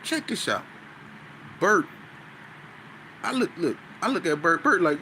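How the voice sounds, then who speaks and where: A man, a guest on an interview show, telling a story in an animated, slang-heavy way with stuttering restarts. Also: high voice, measured pace, pauses often, slight background noise, poor audio.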